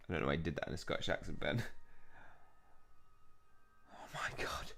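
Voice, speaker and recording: A man's voice: extremely low pitch, moderate pace, creaky, long pauses, sharp tone. A young man casually commenting on a mobile game as he plays, reading the characters' lines aloud and reacting to them. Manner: chatty, reads game dialogue aloud and reacts to it. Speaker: gaming channel host. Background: faint game music.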